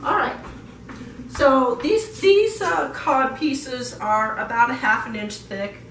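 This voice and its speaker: A woman's voice: high voice, slow, a bit bright. A woman who is half Australian gives a casual cooking demonstration in her home kitchen, talking through each step with many fillers. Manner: chatty, explains as she cooks, many fillers. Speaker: home cook. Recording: echoey room, distant mic, kitchen noise.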